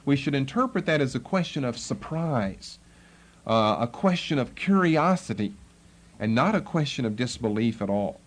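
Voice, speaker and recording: A man's voice: medium pitch, animated, normal speed. A man teaching a Bible lesson, explaining the text and acting out the tone of the people he quotes. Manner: explanatory, acts out the tone of quoted speakers.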